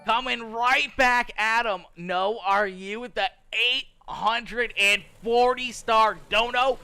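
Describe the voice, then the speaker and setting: A young man streaming live sim race commentary, reading out viewer chat and shouting hype at donations. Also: extremely high pitch, takes it slowly, hardly any pauses, smooth, faint music behind. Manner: excitable, hypes viewers, loud shouts at donations.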